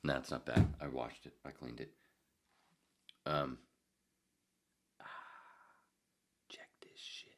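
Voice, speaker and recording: A man's voice: very deep voice, steady tone, slow pace, vocal fry, pauses often, background noise. A middle-aged man hosting a podcast alone, rambling through self-mocking stories in casual chat and reading out a live chat. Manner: rambling, self-mocking, drops into whispers and laughs. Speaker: podcast host.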